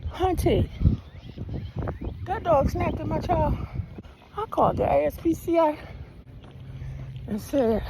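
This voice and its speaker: Older woman vlogger, gravelly voice, very lively pitch, unhurried storytelling on a noisy outdoor walk. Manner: animated, chatty, Southern-style storytelling. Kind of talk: storytelling while walking outdoors. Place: outdoors on a walk, rural road.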